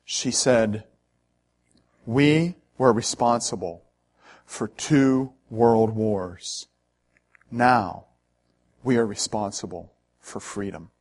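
A man voicing an older German taxi driver with a German accent, who talks in a slow, heavy, subdued way. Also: on the low side, darkish tone, voice pushed down. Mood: grave.

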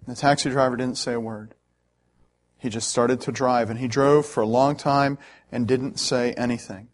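A man's voice: mid-range voice, normal speed. A male pastor preaching a sermon in an earnest, emphatic way, with frequent "uh" fillers.

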